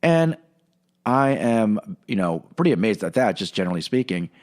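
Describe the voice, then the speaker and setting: Lower-voiced man telling a rambling story. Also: very animated, moderate pace, darkish tone. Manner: rambling, with many fillers and restarts. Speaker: podcast host. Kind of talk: casual storytelling.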